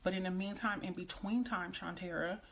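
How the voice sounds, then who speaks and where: A woman in her thirties speaks to her viewers in an open, heartfelt way. Her voice sits a little low, and she drifts between prayer and plain talk, repeating lines to drive them home. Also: moderate pace, fairly bright tone, a little hiss or hum. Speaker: vlogger. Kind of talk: emotional personal talk to viewers.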